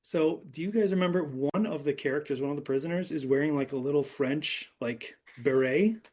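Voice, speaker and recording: A man's voice: a little high, brisk, a little mellow. A man hosting a podcast, recapping a film in a loose, rambling way with lots of fillers. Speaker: podcast host. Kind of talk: casual movie discussion.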